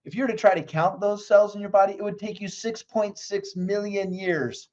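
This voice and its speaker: A man's voice: sits high, fairly even intonation, normal speed, darkish tone. Upbeat motivational man, dull recording. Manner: enthusiastic storyteller, motivational. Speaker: mindset coach, podcast guest. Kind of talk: conversational interview.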